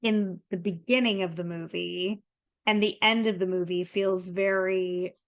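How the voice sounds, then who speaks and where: A woman's voice: on the low side, steady tone, unhurried, dull audio. A woman co-hosting a podcast, talking thoughtfully and with empathy about a horror film in a casual chat. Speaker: podcast co-host. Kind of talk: casual movie discussion.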